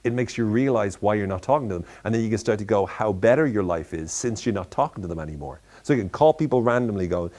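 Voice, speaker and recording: A man giving tongue-in-cheek motivational advice in a playful, deadpan way, with animated shifts when he acts out asides. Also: quick pace, few pauses. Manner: animated, voices and pitch jumps in quoted asides. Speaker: self-development speaker.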